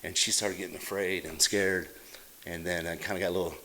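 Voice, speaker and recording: Low-voiced middle-aged guy telling his recovery story, halting, lots of ums and restarts, bit of hum behind. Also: fairly even intonation, bright, forceful tone. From Utah. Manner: halting, plain-spoken, many fillers and restarts. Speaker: AA meeting speaker. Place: meeting hall.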